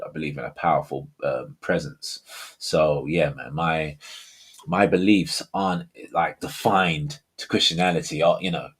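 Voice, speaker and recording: Male British caller, deep and slightly husky, casual and rambling. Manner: rambling, informal, filler-heavy. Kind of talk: casual call-in chat.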